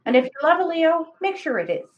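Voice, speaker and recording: A woman co-hosting a livestream, giving chatty, animated astrology readings and laughing often. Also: very high-pitched, quick pace, muffled recording. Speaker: psychic reader, co-host.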